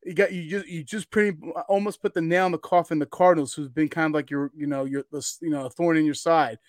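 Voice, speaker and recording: A man in casual sports chat, pushing his argument hard and tripping over restarts. His voice sits a bit high. The sound is dry and close. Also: fast, dry recording. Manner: excitable, argumentative, stammering restarts. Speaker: podcast co-host.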